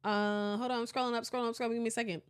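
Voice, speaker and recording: A young woman hosting a casual podcast, playful and animated, laughing often as she reads live comments. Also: on the high side, rapid-fire, clear, resonant tone. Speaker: podcast host.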